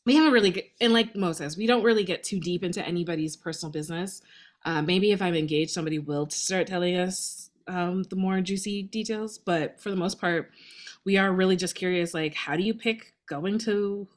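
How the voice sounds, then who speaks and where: A chatty woman co-hosting a podcast, her voice sitting a little low. She talks in an animated, casual way and breaks into laughter often. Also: fairly quick. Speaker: podcast co-host. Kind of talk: casual conversation.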